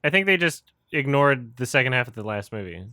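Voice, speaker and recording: A man's voice: mid-range voice, lively intonation, a little fast, pushed and bright, no echo, studio quality. A man bluntly criticizing a film in a casual commentary chat, laughing often between his remarks.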